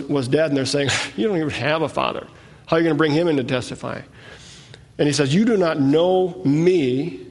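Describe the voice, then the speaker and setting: A man's voice: a little high, a little mellow. Man preaching in an echoey hall. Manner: reads scripture aloud, then explains in plain conversational asides. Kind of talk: sermon, Bible teaching. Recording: echoey hall with long reverb.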